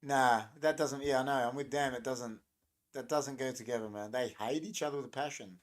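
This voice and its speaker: A man's voice: mid-range voice, fairly even intonation, fairly quick. Rambling man on a livestream. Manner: rambling, joking, reacting to chat comments. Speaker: livestream host. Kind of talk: casual live-stream chat.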